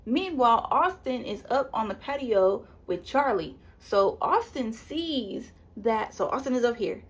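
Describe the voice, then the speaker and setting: A woman's voice: fairly high pitch, measured pace, breathy edge. Chatty woman recapping TV. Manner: chatty, animated retelling with quoted voices and laughs. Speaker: reality show recap vlogger. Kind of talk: casual spoiler review.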